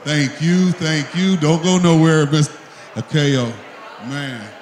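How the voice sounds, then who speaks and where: A man's voice: on the high side, fairly even intonation, slow, a little hiss or hum. A man hosting an event gives an emotional tribute speech, talking in a heartfelt, plain-spoken way. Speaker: event host. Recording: echoey hall.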